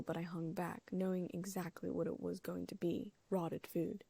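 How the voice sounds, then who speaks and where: Low, gravelly woman reading an audiobook. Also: little pitch movement, normal speed, dry recording. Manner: reads character lines with small shifts in pitch and loudness. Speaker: audiobook narrator. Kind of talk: first-person fan fiction audiobook reading.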